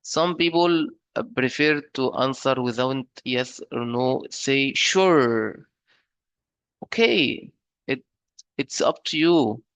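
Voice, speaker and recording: A man's voice: medium pitch, takes it slowly, fairly bright tone, smooth, no echo. A man teaching a beginner grammar lesson, explaining step by step with fillers and frequent checks like "right?". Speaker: English teacher.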